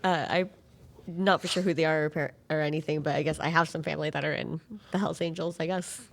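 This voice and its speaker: A woman who is a podcast guest, chatting in a quick, giggly way and hedging as she goes. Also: sits low, steady tone, creaky. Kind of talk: casual chat.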